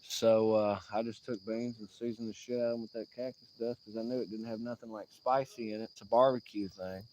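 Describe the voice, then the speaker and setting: A man's voice: on the low side, steady tone, brisk, few pauses, darkish tone, lo-fi sound, a little hiss or hum. A man hosting a casual livestream, talking in a profane, rambling, joking way. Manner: drawling, profane, rambling, jokey sign-off. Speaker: livestream host. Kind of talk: casual outdoor livestream chat.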